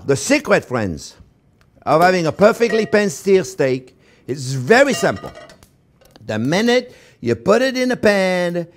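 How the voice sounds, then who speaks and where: An older chef leads a cooking demonstration with a slightly high voice that rises and falls a great deal. He is emphatic, doubles up words to drive a point home, and keeps addressing the viewers as friends. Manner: animated and emphatic, repeats words for stress, calls viewers "friends". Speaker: chef and cooking show host.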